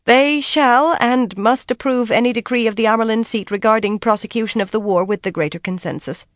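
A narrator voicing a small, reluctant scholarly woman reciting a law haltingly in an audiobook. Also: medium pitch, dry recording, studio quality, pitched above the performer's own voice, natural voice.

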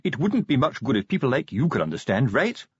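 A man's voice: mid-range voice, very animated, fairly quick, slightly rough, dry recording, highs cut off. A man voicing a portly, plodding watch sergeant who tries to sound official, in an audiobook. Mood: officious. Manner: earnest, trying to sound official. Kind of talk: audiobook character voice.

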